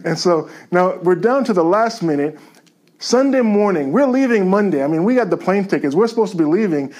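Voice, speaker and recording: A man telling a faith story to a church, lively and chuckling as he goes. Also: sits high, brisk. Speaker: guest speaker sharing a testimony.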